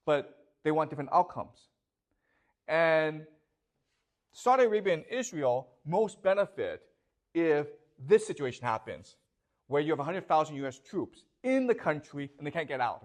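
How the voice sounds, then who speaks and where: A male professor gives a classroom lecture in a voice that sits a bit high. His pitch moves a great deal as he fires questions at the class. He keeps stopping to check that the students follow him, and he repeats himself as he drives each point home. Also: darkish tone. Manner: emphatic, questioning.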